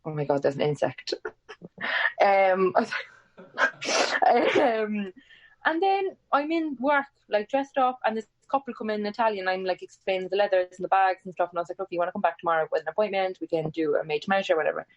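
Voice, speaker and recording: Animated Irish woman telling a story. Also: moderate pace, muffled recording. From Ireland. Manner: animated, swears freely, acts out quotes with big pitch jumps. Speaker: guest. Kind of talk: casual storytelling chat.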